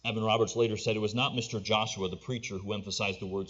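A male preacher delivering a sermon to his congregation. He drops to low, hushed appeals, then climbs to loud, pleading cries. The recording sounds slightly dull and lo-fi. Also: steady tone, quick pace, hardly any pauses.

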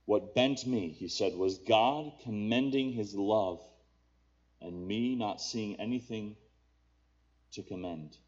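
A man's voice: slow pace, slightly rough. Impassioned male preacher, lo-fi sound. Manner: builds to loud, impassioned pleading, then drops low and quiet. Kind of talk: sermon.

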